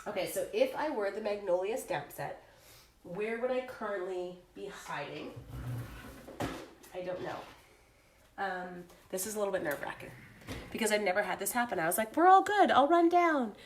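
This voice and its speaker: With a medium pitch, normal speed, and long pauses, a woman with a cold hosts a casual live crafting stream, recorded with a little hiss or hum. She's flustered and chatty with viewers and moves away from the camera.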